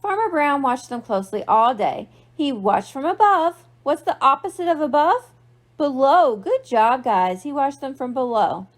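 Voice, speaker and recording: A woman's voice: sits high, sing-song, normal speed. A young woman librarian reading a picture book aloud to children, playful and asking them questions. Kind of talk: storytime read-aloud for kids.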